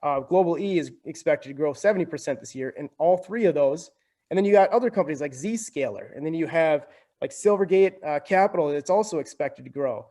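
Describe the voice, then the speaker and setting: A talkative young man speaking as a podcast guest, his voice sitting a bit higher than most men's. He explains in a loose, conversational flow and keeps checking in with "right?" between points. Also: animated, a little fast, mellow. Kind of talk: casual explanatory talk.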